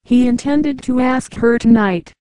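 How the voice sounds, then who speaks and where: Mellow-voiced woman reading a novel. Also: a little high, unhurried, clear, resonant tone, no echo, rough recording. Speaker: audiobook reader. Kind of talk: novel narration.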